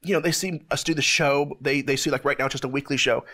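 A man hosting a ministry show, giving an emotional testimony in an earnest, halting way with many restarts, near tears. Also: mid-range voice, steady tone, sharp tone.

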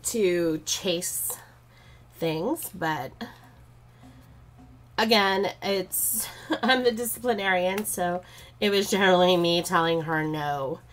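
A woman's voice: on the low side, takes it slowly, pauses often. A married woman chatting casually while she draws, rambling through stories and laughing often. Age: adult, married. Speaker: art vlogger. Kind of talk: casual chat while drawing.

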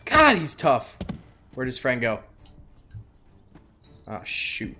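A young man giving goofy, casual commentary over his own gameplay, muttering to himself and then yelling at a character. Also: mid-range voice, wildly swooping pitch, slow, soft background music. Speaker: gaming YouTuber.

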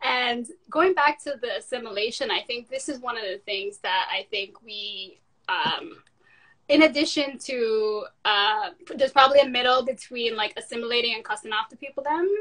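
A woman's voice: fairly high pitch, moderate pace, fairly bright tone, rough recording. A woman moderating a panel discussion, enthusiastic, using Caribbean slang and asking long questions.

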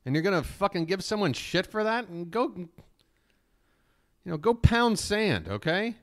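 A man hosts a live reaction stream in a loose, rambling way. He swears freely and speaks openly about his feelings, and his voice sits on the high side for a man. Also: big pitch swings, measured pace. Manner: rambling, profane, openly emotional. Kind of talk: casual reaction commentary.

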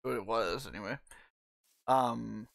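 A man's voice: fairly low pitch, measured pace, gravelly, fairly bright tone. A man streaming a game live, chatting casually with a friend and reading chat aloud. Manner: easygoing, reads chat aloud while playing.

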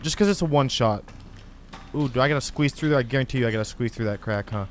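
A man hosting a gaming channel, giving excitable, slangy commentary as he plays a horror game. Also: mid-range voice, fast, slight background noise. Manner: excitable, exclamatory, casual slang. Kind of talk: let's play commentary.

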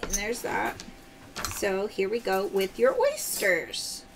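Pitched in the middle range, her creaky voice moves at a slow pace yet sounds very animated. As she opens oysters during a live-stream pearl sale, she happily names the prizes and pearl sizes in casual selling chat.

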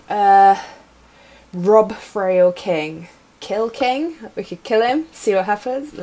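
A woman's voice: mid-range voice, darkish tone, slight background noise. Playful woman streaming a retro game. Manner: playful, chatting to viewers while typing commands. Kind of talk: casual live-stream commentary. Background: keyboard typing.

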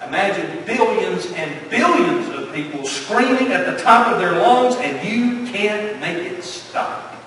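A male pastor preaches with emphasis in a fairly high voice, posing rhetorical questions and then falling quiet. He is picked up from a distance in a church hall, so the sound carries a long reverberating echo. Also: expressive, a little slow, few pauses. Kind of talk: sermon. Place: church sanctuary. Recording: echoey church hall from far off, faint noise.

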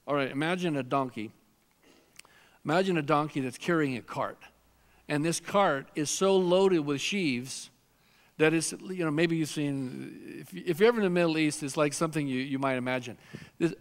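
A man with a fairly high voice preaches a sermon in a big church hall, and long reverb trails his words. He is earnest and emphatic, repeating phrases for weight and slipping into heartfelt prayer and quoted scripture. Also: normal speed. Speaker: pastor. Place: large church sanctuary.

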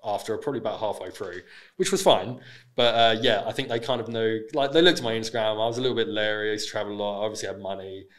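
Fast-talking Essex man, low voice. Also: steady tone. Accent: Essex English. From England. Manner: frank, swears freely, many restarts. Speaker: podcast guest. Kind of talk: casual interview chat.

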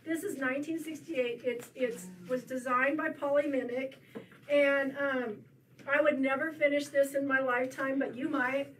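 A chatty woman with a high voice presents a class. She jokes about herself a lot. She's picked up from across the room, with clear background noise. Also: steady tone, normal speed, a bit bright. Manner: chatty, self-joking, laughs often. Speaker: rug hooking teacher at a shop. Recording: distant mic with room noise.

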